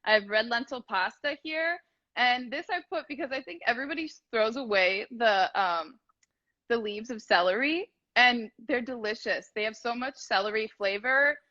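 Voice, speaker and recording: A woman's voice: fairly high pitch, normal speed, sharp tone, dull audio. A woman chatting casually as a guest cook, rambling with lots of fillers, over a video call. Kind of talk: casual cooking chat.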